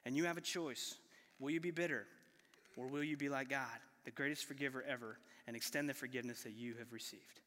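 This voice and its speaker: A man's voice: mid-range voice, fairly even intonation, brisk, a bit bright, big-room sound. A man pastor preaching a sermon in a conversational way, putting rhetorical questions to the congregation. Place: church sanctuary.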